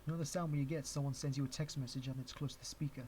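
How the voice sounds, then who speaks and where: A man's voice: mid-range voice, fairly even intonation, very fast, a little mellow, slight background noise. A man with an English accent, originally from Canada, teaching 3D rigging on a live stream. He talks to himself as he works, restarting sentences and chuckling at his own asides. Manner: chatty, rambling, restarts often, chuckles at himself. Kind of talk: live-stream tutorial, thinking aloud.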